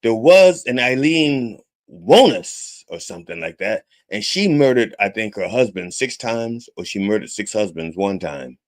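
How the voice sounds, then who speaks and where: A man hosts a podcast as a mock reverend, cursing freely through a comedic monologue. His pitch rises and falls with animation, and he keeps checking in with the listener by asking okay. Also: expressive, measured pace, few pauses. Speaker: podcast host styled as a reverend.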